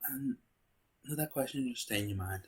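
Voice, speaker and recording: A man's voice: medium pitch, moderate pace, a little mellow, husky. A man hosting a video, musing aloud to his viewers in a philosophical monologue full of rhetorical questions. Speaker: video host.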